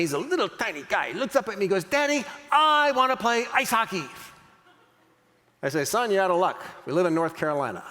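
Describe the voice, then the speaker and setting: Lively high-voiced man giving a motivational talk. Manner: animated, acts out dialogue in character. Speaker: keynote speaker. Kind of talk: motivational storytelling speech. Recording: long reverb of a large hall.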